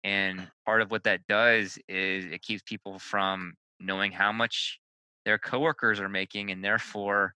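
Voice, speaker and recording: A man with a somewhat low, smooth and resonant voice that is very bright talks haltingly, stammering and repeating words as he goes. The sound is dry and close. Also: level tone, no echo, poor audio. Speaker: podcast co-host. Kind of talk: casual discussion.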